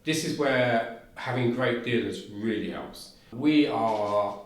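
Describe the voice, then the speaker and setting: This cooker company representative, a man with a South London accent, speaks slowly at a medium pitch. He's an enthusiastic guest on a casual podcast recorded in a very echoey room, and he keeps restarting his sentences.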